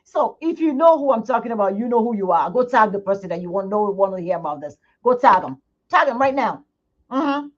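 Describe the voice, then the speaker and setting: A woman's voice: on the high side, expressive, fairly quick. A middle-aged woman hosting her own channel from home, venting frankly to her viewers in a casual livestream chat. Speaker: skincare channel host. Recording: muffled lo-fi sound.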